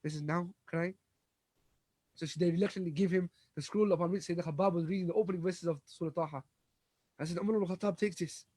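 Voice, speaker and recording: Fast, high-voiced man telling a religious story. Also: fairly even intonation, mellow, dry recording. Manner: dramatic retelling, acts out quoted dialogue; frequent restarts and repeated words. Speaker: Islamic lecturer.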